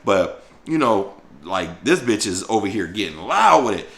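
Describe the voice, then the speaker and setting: A man's voice: lowish voice, normal speed, gravelly. A young man telling a profane, slang-filled story in a casual monologue. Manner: slangy, profane, animated retelling. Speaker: storyteller vlogger.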